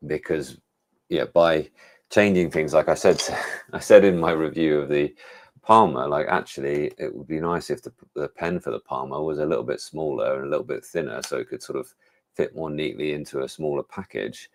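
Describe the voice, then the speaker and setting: A man's voice: very deep voice, moderate pace. A man with an English accent, hosting a casual live stream about tech gadgets and thinking aloud with frequent restarts. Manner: rambling, thinks aloud with many restarts and fillers. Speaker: tech reviewer hosting a livestream.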